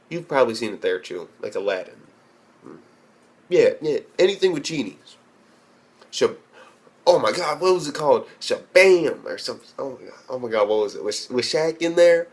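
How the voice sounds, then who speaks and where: A man's voice: medium pitch, very animated, moderate pace, pauses often. A young man ranting bluntly and profanely in an anime review, rambling with restarts. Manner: profane and blunt, heavy swearing.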